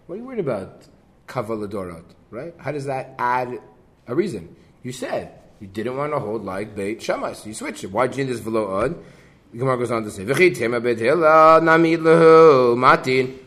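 A man teaching a Talmud class, reading the Aramaic text and explaining it in English with a lively delivery. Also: mid-range voice, breathy edge. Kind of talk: Gemara class.

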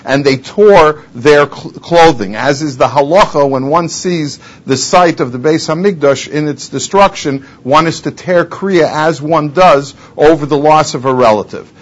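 Higher-voiced man giving a Talmud lecture. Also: measured pace, few pauses, highs cut off. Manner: quotes Hebrew and Aramaic, then translates; rising intensity on rhetorical questions. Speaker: Torah teacher.

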